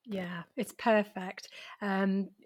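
Gentle encouraging woman interviewer. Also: medium pitch, steady tone, drawn-out words, husky. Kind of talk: conversational interview.

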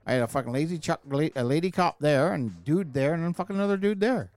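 A man's voice: fairly high pitch, lively intonation, fast talker, darkish tone, dry recording. A man, talking in a heated, profane, emphatic way in a casual podcast chat. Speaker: podcast co-host.

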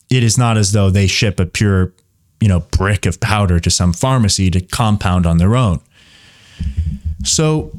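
Low-voiced man hosting a commentary show. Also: darkish tone. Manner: explanatory, many fillers and restarts. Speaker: show host. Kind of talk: commentary monologue.

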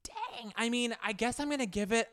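A man's voice: very high-pitched, moderate pace, a bit bright. A man co-hosting a film podcast, chatting casually and enthusiastically in a rambling way. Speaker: podcast co-host. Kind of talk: casual chat.

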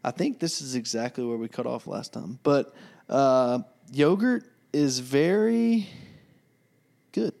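A man co-hosting a relaxed podcast, his voice at a middle pitch. He rambles easily, trails off into fillers and chuckles between thoughts. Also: takes it slowly, gravelly. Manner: easygoing, rambling, lots of fillers and laughs. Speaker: podcast co-host. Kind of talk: casual chat.

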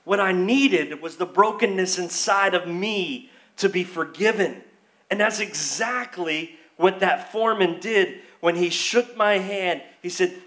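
A man, a pastor, delivering a sermon and telling a story, shifting from hushed to excited. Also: sits high, measured pace. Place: church.

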